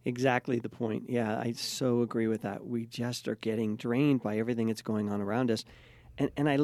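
A man's voice: mid-range voice, a little mellow, no room sound. A middle-aged man with a mid-range voice talks in an agreeable, easygoing way. He works as a therapist and co-hosts the discussion. The recording is dry and close-miked. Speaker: therapist podcast co-host. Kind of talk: conversational discussion.

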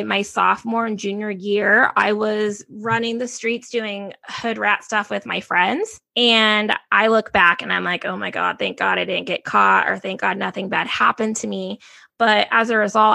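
A woman's voice: mid-range voice, creaky, sharp tone, dry recording. A woman in her thirties, an interview guest, frankly telling her life story in a casual, slangy way. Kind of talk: candid personal storytelling.

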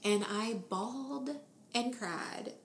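A woman's voice: a little high, slow pace. An earnest woman in her thirties recounts her faith journey in a conversational way. She slips into quoted voices with feeling. The room has a noticeable echo and faint background hiss. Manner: earnest, emotional storytelling with animated quoted voices. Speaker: guest sharing her testimony.

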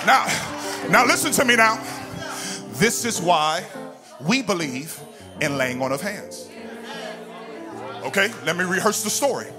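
A man preaches in a church sanctuary, his voice pitched high and bright for a male speaker. He talks back and forth with the congregation, then swells into sung, whooping phrases. Organ music plays steadily beneath him. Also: lively intonation, measured pace, long pauses, crowd noise. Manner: call-and-response preaching, rising into sung whoops. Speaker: pastor. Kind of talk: sermon. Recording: music playing under the voice.

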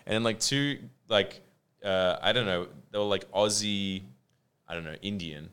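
A man's voice: sits low, moderate pace, fairly bright tone, clear, resonant tone. A man in casual chat, telling loose rambling anecdotes and swearing.

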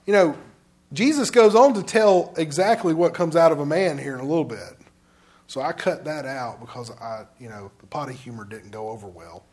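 A man's voice: a little high, lively intonation, normal speed, a little mellow. A man pastor preaching a sermon in a conversational, direct way to his congregation.

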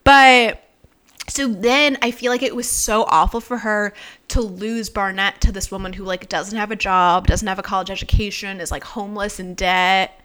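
A woman's voice: mid-range voice, fairly even intonation, normal speed, a bit bright, clean tone. A woman in casual podcast chat, retelling events in a gossipy way with frequent "like". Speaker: podcast co-host or guest.

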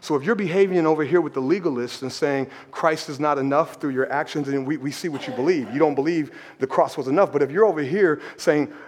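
A man preaching a sermon as pastor, emphatic and animated, repeating words for effect and calling out to the congregation. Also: on the high side, a little fast, hardly any pauses, in a large hall. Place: church hall.

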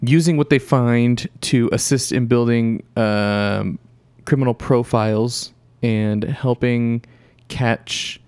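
A man chatting casually as a co-host, pausing often with fillers and correcting himself as he goes. His voice is smooth and resonant, recorded dry and close with little room sound. His pitch sits in an ordinary middle range for a man. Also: fairly even intonation, darkish tone, no echo. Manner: halting, with many fillers and self-corrections. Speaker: podcast co-host. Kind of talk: casual chat.

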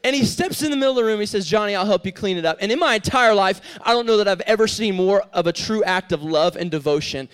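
Young male youth pastor, high voice, animated storyteller, casual sermon delivery. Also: quick pace, hardly any pauses, clear, resonant tone. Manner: animated storyteller, acts out dialogue with rising voice.

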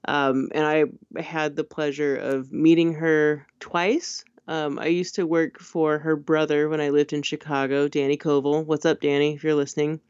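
Podcast co-host: mid-pitched, animated and chatty, dull lo-fi sound in a dry space. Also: moderate pace, few pauses, smooth, no echo. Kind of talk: casual chat. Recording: dull, lo-fi audio.

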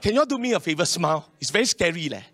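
Animated pastor with a high, bright voice. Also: male voice, rapid-fire. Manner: animated preaching with calls for amen, mixes in local slang. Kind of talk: sermon.

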